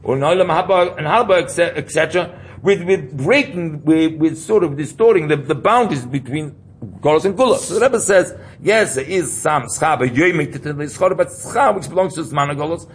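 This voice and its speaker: A man's voice: fairly high pitch, a little fast, a little hiss or hum. A man teaching an informal Torah class, explaining ideas while he thinks aloud and repeats key terms.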